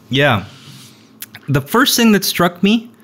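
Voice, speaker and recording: A young man hosting a podcast, telling a story in a relaxed, rambling way with lots of fillers. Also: high voice, very slow. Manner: rambling, laid-back storyteller with frequent fillers. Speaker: podcast host. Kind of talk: casual storytelling chat.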